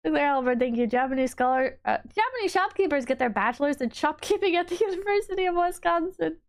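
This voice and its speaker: A high-pitched woman from the United States chatting casually on a stream. She rambles and swears, and she keeps jumping into loud, incredulous disbelief. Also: animated, fast. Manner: rambling, profane, exasperated mock disbelief with laughing outbursts. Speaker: VTuber streamer.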